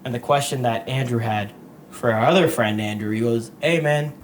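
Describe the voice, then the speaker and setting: A man's voice: mid-range voice, steady tone, fairly quick, slight background noise. A young man hosting a podcast, telling rambling stories in casual chat and laughing often. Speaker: podcast host.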